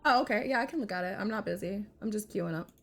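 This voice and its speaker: A young woman live-streaming while she games and chats with her viewers, muttering one moment and breaking into loud outbursts the next, with a cough that keeps coming back. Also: mid-range voice, fast. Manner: excitable, swings between muttering and loud outbursts. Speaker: gaming streamer.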